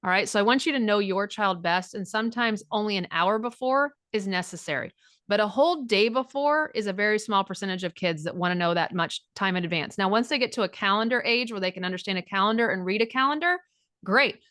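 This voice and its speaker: A woman's voice: medium pitch, quick pace, a bit bright, no echo, studio quality. Blunt, frank woman coach. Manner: blunt and frank, acts out quoted dialogue, swears freely. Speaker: divorce recovery coach. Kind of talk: direct coaching talk.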